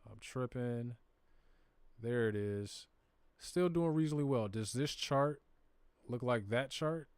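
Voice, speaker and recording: A man's voice: mid-range voice, takes it slowly, pauses often, darkish tone, smooth, no room sound. Southern guy on a live stream, chatty and direct, dry close mic. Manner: conversational, talks to viewers directly, slips into slang. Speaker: crypto stream host. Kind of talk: casual screen-share walkthrough.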